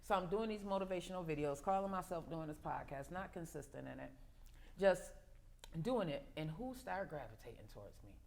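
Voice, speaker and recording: Animated woman telling a story with laughs. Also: sits low, brisk, vocal fry. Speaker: podcast host. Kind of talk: casual chat among women.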